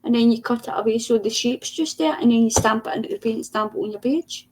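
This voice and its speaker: A woman's voice: fairly high pitch, fast talker, a little mellow. A woman hosting a craft livestream, chatty and teasing, laughing a lot. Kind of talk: casual chat on a craft stream.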